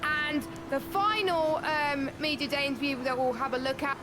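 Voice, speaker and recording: A woman's voice: sits high, steady tone, normal speed, background noise. A woman co-commentating on an online sim racing league, chatty and a bit hesitant.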